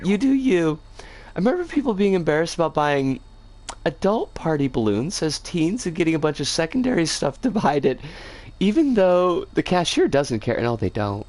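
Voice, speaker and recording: A game streamer whose voice is scratchy and rough today rambles casually on stream using playful slang. They speak at normal speed in a sing-song, medium-pitched voice with a darkish tone.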